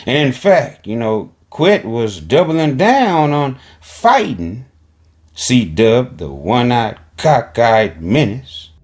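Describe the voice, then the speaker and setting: Male commentary host, playful, unhurried delivery, lively pitch. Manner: playful, jokey.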